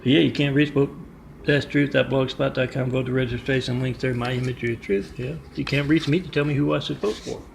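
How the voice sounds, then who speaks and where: Gravelly, rambling male storyteller. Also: mid-range voice, steady tone, a little fast, a little hiss or hum. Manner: rambling, with many fillers. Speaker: vlogger.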